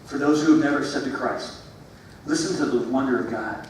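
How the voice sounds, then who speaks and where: Guy preaching to middle school kids, repeats himself a lot, goes loud then real quiet, echoey room. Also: medium pitch, fairly quick. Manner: animated, repeats phrases, swings from loud to hushed. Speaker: youth pastor. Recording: echoey room from far off, faint ambient noise.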